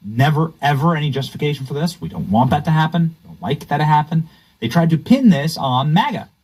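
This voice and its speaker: Host, male, mocking commentary, lively swooping pitch, a bit high. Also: fast, breathy edge, rough recording. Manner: sarcastic, mocking. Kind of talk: political commentary.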